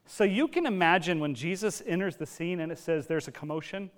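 Lively storytelling male preacher. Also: fairly high pitch, brisk. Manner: lively storytelling, acting out quotes, casual asides. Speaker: pastor. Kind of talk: sermon.

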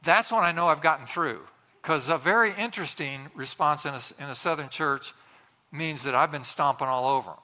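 A man's voice: a little high, a little fast, sharp tone, big-room sound. A man preaching a sermon as pastor, earnest and conversational, often restarting his sentences.

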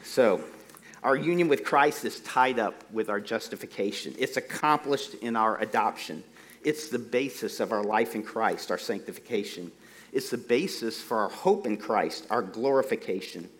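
A middle-aged man preaching a sermon into a microphone, slowing down to stress key phrases and dropping in folksy, self-deprecating asides. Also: on the low side. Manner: slow, deliberate emphasis on key phrases.

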